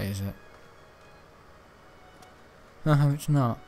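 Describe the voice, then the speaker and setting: A man's voice: on the high side, animated, normal speed. A man giving rambling, self-mocking commentary while playing a video game, often muttering to himself. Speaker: gaming video creator. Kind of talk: gameplay commentary.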